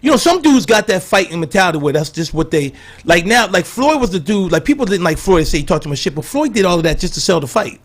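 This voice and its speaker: Fast-talking high-voiced man telling stories. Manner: animated storyteller, acts out quotes. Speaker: comedian guest. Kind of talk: storytelling banter.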